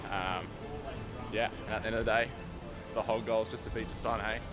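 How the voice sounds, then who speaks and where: An upbeat runner chatting on the spot before a race. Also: male voice, on the low side, little pitch movement, loud music behind the voice. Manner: upbeat and quick. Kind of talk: casual on-the-spot chat.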